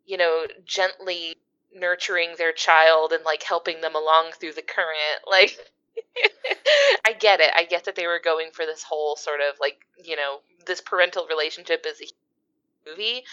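Giggly woman from the east coast, bright voice, kinda dull lo-fi mic, says like a lot. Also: deep voice, lively intonation, moderate pace, clean tone. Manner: giggly, talks with many "like" fillers. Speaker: podcast co-host. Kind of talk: casual podcast chat. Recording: dull, lo-fi sound.

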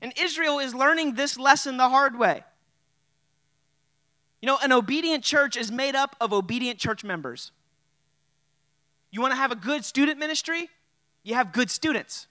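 A man's voice: extremely high pitch, animated, moderate pace, long pauses, pushed and bright, no room sound. A man preaching a sermon as a pastor in a casual, conversational way, with plenty of fillers. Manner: casual and conversational, with many "like" and "you know" fillers.

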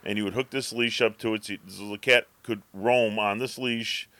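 A man's voice: fairly low pitch, steady tone, normal speed, bright, forceful tone, no echo. A man co-hosting a podcast, telling a rambling story in casual chat and acting out his cat's thoughts. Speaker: podcast co-host.

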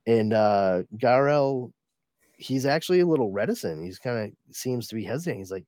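Rambling, low-voiced comics podcast host. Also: male voice, animated, moderate pace, darkish tone, no echo. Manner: rambling, profane, many fillers. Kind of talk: casual podcast recap.

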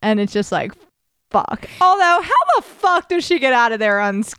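A woman's voice: fairly high pitch, sing-song, normal speed, a bit bright, smooth, dry recording, studio quality. Laid-back woman co-hosting podcast chat. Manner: laid-back, agreeing, swears casually. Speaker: podcast co-host. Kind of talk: casual chat.

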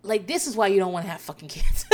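Swearing, animated mom telling a story. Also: female voice, medium pitch. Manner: animated, swears freely, laughs through the story. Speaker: mother of four telling a story. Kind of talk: casual storytime chat.

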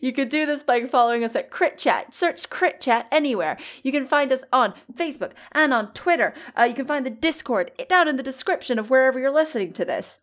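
An excitable woman, hosting a casual podcast and joking as she talks. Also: high-pitched. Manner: excitable, jokey, trails off and restarts. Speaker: podcast host. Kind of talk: casual chat.

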